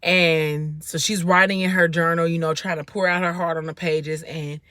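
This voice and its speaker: A woman's voice: fairly low pitch, steady tone, normal speed, a bit bright, no echo, studio quality. A woman vlogger casually recapping a book from inside a car, rambling with lots of fillers. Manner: rambling retelling with many fillers.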